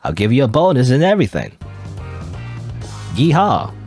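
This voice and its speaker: A man's voice: mid-range voice, sing-song, a little fast, a little mellow, faint music behind. A man voicing a boastful banker in a cowboy costume, drawling in a folksy way.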